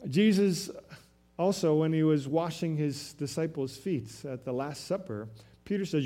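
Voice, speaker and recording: A man preaching a sermon, telling a story in an animated way that swings from loud to soft. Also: fairly high pitch, a little slow. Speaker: pastor.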